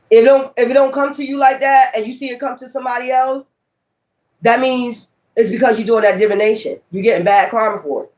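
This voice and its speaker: A woman giving a tarot reading in a blunt, profane, emphatic way. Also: a little high. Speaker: tarot reader.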